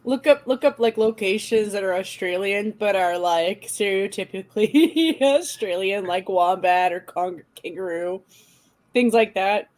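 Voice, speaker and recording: A woman's voice: mid-range voice, a little slow, darkish tone. A woman co-hosting a podcast, giggling and thinking aloud in rambling casual chat. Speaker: podcast co-host.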